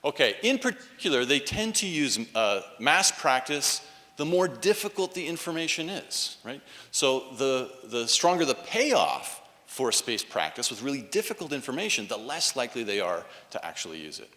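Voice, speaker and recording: A man's voice: mid-range voice, normal speed. A man giving a university lecture, checking in with "right?" and coaxing the audience to answer aloud. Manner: animated, frequent "right?" tags, coaxes audience responses. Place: lecture hall. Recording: echoey lecture hall.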